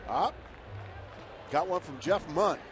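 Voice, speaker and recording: A man's voice: a little high, lively intonation, takes it slowly, a crowd in the background, background noise. A man giving color commentary on a baseball broadcast in easygoing, conversational banter. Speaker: color analyst.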